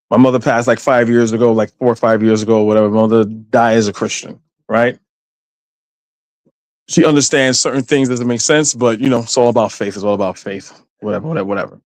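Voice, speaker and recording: A man from Guyana, talking on a casual panel discussion in an animated storytelling way, with frequent restarts. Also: mid-range voice, fairly quick, no echo.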